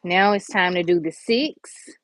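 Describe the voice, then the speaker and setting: A woman's voice: on the low side, unhurried. A woman chatting casually through a nail tutorial, talking to viewers as y'all and honey in a folksy, chatty way. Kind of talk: casual how-to chat.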